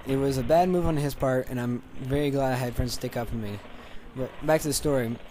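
A man telling a story in a casual, excited, rambling way over gameplay, restarting his sentences often. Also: mid-range voice, a little fast, a little hiss or hum. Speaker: gaming channel commentator.

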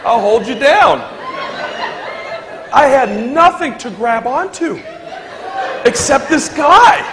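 Young male motivational speaker with a high voice, animated storytelling with voices for his characters, live hall with long reverb and crowd laughter. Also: slow pace, background noise. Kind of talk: comic storytelling to a live audience. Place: large hall with a live audience.

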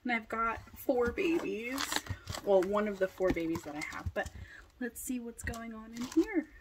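A young adult woman chatting casually as she unboxes a doll, gushing with excitement, now and then dropping to a whisper and a little out of breath. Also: fairly high pitch, normal speed, background noise. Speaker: doll collector vlogger.

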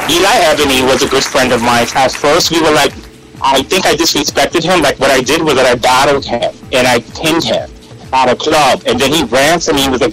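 Animated man telling stories over music. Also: fairly high pitch, fast talker, low-quality recording. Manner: animated, acts out quoted voices, frequent restarts. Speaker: interview guest. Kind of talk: casual storytelling interview. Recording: radio interview with loud music and crowd behind.

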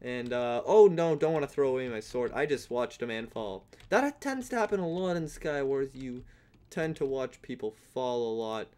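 A young man giving casual, rambling commentary on his own gameplay, now and then breaking into playful yelling. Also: mid-range voice, animated, normal speed. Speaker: gaming YouTuber.

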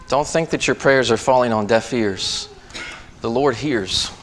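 A man's voice: mid-range voice, measured pace, fairly bright tone. A male preacher delivers a sermon in a church with a mid-range voice. He moves from a conversational family story into reading scripture, lifting his voice for emphasis. A faint noise sits under the recording.

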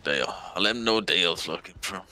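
Brief: a man doing a curt, low, gruff townsman, quick and bright-edged.

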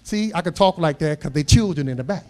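A man's voice: on the high side, animated, fast. A middle-aged man preaching a sermon, telling homey family stories with humor and building to emphatic, raised points. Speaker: pastor.

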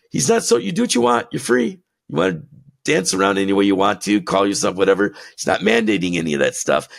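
A man co-hosting a podcast who rants in a heated, blunt way, laughing between his jabs, with a gravelly voice. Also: a little high. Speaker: podcast co-host. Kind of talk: impassioned ranting podcast talk.

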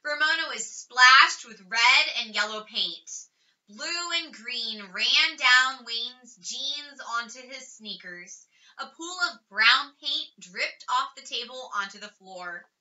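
Bright, expressive woman storyteller. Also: a little high, takes it slowly. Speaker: audiobook reader. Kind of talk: children's storybook narration. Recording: slightly distant, dull lo-fi recording.

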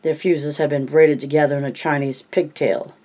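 An amateur reader narrating a novel aloud at a middling pitch. The reading is unpolished, with stray coughs and restarted words. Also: flat delivery, moderate pace, darkish tone. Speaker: audiobook reader.

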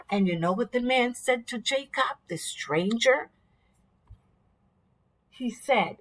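Husky higher-voiced woman telling a bible story to kids, very lively, keeps asking them stuff. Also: takes it slowly, pauses often. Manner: expressive, asks the children questions. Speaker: vacation Bible school teacher.

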